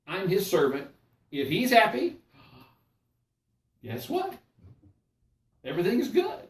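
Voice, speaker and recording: A man's voice: high voice, wildly swooping pitch, slow pace. An older man and pastor leading a Bible study sermon in a folksy, conversational way, often checking in with his listeners. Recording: echoey room, mic at a distance.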